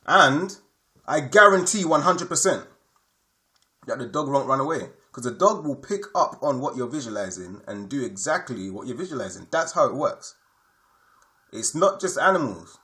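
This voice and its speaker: This man teaches a spiritual lesson at a normal speed, his medium-pitched voice bright and forceful with big swings in pitch. He repeats key ideas emphatically and pauses to make sure his audience is following along.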